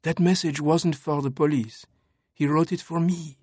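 A man's voice: on the high side, moderate pace, husky, no room sound, studio quality, voice pushed up. Man putting on an earnest young Frenchwoman. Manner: earnest, pressing, explaining calmly. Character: urgent young French woman cryptographer. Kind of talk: audiobook narration.

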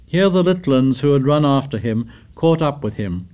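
A man's voice: medium pitch, lo-fi sound. Man reading a novel aloud. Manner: measured, steady literary reading. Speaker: audiobook narrator. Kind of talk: scripted narration.

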